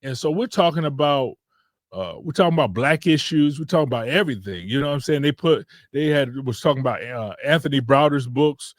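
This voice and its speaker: A man's voice: medium pitch, lively intonation, brisk, no room sound, clean studio sound. A man from Detroit, hosting a podcast, telling a road trip story in a loose, rambling way and correcting himself often. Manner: laid-back, rambling, with frequent self-corrections. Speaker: podcast host. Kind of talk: casual storytelling.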